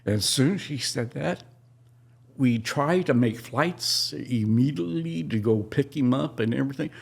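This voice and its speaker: A middle-aged man tells a personal story on a podcast in a halting, emotional way, often restarting his sentences. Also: mid-range voice, creaky, breathy edge.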